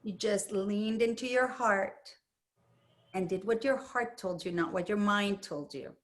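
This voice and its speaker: A woman leading a meditation group, speaking in a slow, soothing and affirming way as she responds to participants. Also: medium pitch. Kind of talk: gentle guided group sharing.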